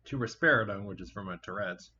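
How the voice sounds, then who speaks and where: A man with a fairly low voice talks in a loose, rambling way, swearing often and filling gaps with "like" and "um". The recording is dull and lo-fi, with a faint hiss underneath. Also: quick pace, pushed and bright. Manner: rambling, swears freely, frequent fillers. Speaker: podcast host. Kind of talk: casual chat. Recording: muffled lo-fi home recording.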